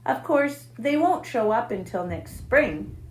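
A woman voicing a wise, weary female spider who speaks quietly and gently in a storybook reading. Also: a little high, sing-song, slow pace, reverberant, a little hiss or hum. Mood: sad. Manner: quiet and gentle, weak-voiced.

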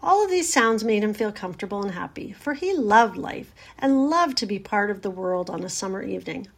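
A woman reading a children's storybook aloud in a gentle, measured way. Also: mid-range voice, expressive, breathy edge.

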